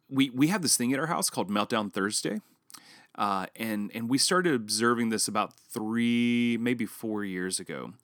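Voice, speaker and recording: A man's voice: fairly bright tone, no echo, studio quality. A man in his thirties or forties co-hosting a casual podcast chat, telling stories and acting out his own past lines. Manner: storytelling, acts out his own past lines with rising pitch. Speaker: podcast co-host.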